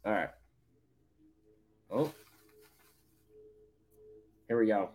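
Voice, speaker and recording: A man's voice: lowish voice, extremely slow, a little mellow. A man co-hosting a casual morning sports show, talking in an easygoing, plain way with some hesitations. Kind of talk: casual sports radio chat.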